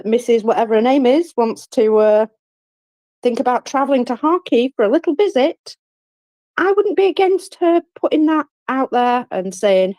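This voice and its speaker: A woman's voice: a little high, dark tone, no echo. A woman speaking in an online chat room, indignant and outspoken with a wry edge. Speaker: participant in a live audio chat space. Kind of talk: heated casual chat.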